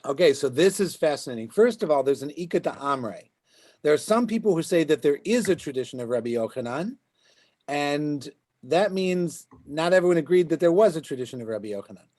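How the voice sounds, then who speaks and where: A rabbi teaching Talmud by video call talks fairly quickly in a slightly high, expressive voice with a darkish tone. He works through the text aloud, checking in with students and asking "right?" again and again.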